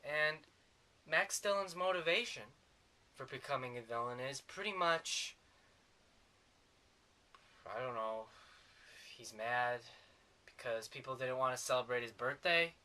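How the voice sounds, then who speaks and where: A man's voice: medium pitch, measured pace, pauses often, bright, forceful tone. A man giving a sarcastic, rambling comedic movie review.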